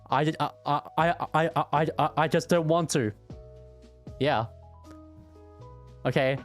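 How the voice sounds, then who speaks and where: Slow-talking stuttering male streamer. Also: on the high side. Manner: stuttering, repeats words. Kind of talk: casual chat with viewers.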